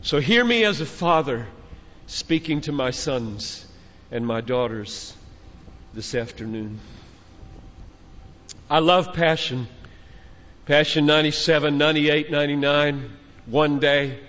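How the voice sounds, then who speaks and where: Older man, preacher, high voice, slow fervent delivery, dull recording in a reverberant hall. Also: a bit bright. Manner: fervent, exhorting, repeating phrases with rising intensity. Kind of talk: sermon to a youth conference crowd. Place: large conference hall.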